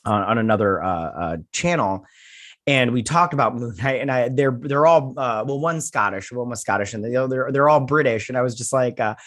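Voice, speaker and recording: A man's voice: mid-range voice, expressive, fairly quick, a bit bright. Rambling American man reviewing a show. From United States. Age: adult with children. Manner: rambling, filler-heavy, repeats words. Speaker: YouTube show host. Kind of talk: casual episode review.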